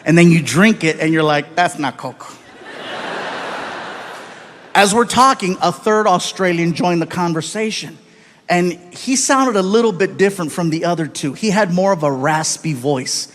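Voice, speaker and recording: High-voiced animated stand-up comedian man. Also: moderate pace, slight background noise. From United States. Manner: animated, acts out voices, swings between loud and soft. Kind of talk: stand-up storytelling. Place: live comedy stage.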